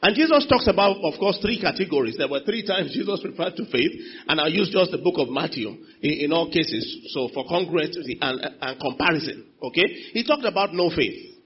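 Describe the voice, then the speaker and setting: Husky high-voiced man preaching a sermon. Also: lively intonation, fairly quick. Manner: calls out to the congregation for responses, shifts from quiet to loud. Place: church. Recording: dull lo-fi sound.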